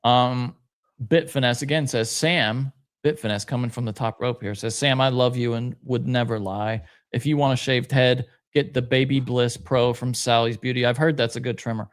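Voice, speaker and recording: Reading viewer comments on the podcast he co-hosts, this man speaks in a mid-range voice with fairly even intonation at a moderate pace. His delivery is relaxed but hesitant, peppered with many uhs and fillers.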